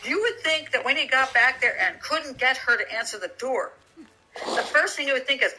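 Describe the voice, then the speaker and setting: A woman's voice: high voice, moderate pace, bright, forceful tone, faint music behind, poor audio. A woman giving casual commentary on a criminal case, reading from documents and thinking aloud with many restarts, incredulous and sarcastic. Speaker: true crime commentator.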